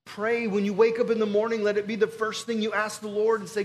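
A man's voice: high-pitched, steady tone, brisk, hardly any pauses, a little hiss or hum. A male pastor, preaching a sermon in an earnest, pleading, conversational way.

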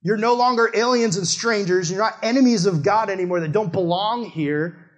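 A man's voice: sits high, moderate pace, muffled recording. A man preaching a sermon in a conversational, emphatic way, speaking straight to his listeners.

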